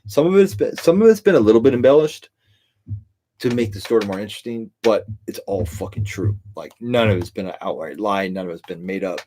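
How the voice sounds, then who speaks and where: A man's voice: fairly low pitch, lively intonation, a little fast, dark tone, slight background noise. A middle-aged man hosting a livestream, a tipsy, rambling and profane monologue with frequent laughter. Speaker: livestream host.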